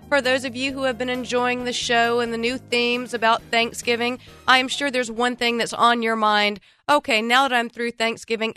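A woman's voice: a little high, pushed and bright. A woman hosting a radio talk show, chatting in a self-mocking, joking way while congested from a cold. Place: radio studio.

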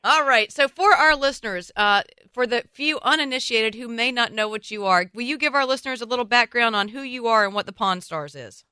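A woman's voice: on the high side, brisk, hardly any pauses, sharp tone, smooth, dry recording. A woman with a Southern US accent hosting a radio talk show, gushing and enthusiastic as she interviews her guest.

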